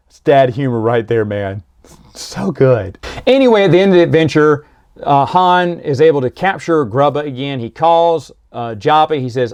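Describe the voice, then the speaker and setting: A man's voice: mid-range voice, lively intonation, darkish tone, no echo. Guy gushing about old books, laughs a lot, mid voice, dry close mic. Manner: enthusiastic, laughs at jokes, quick asides, acts out quotes. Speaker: book reviewer. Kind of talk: casual book recap.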